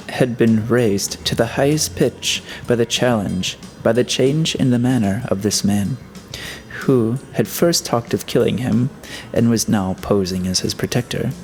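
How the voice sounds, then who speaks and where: A man narrating a classic novel in steady, scripted storytelling. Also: medium pitch. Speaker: audiobook narrator.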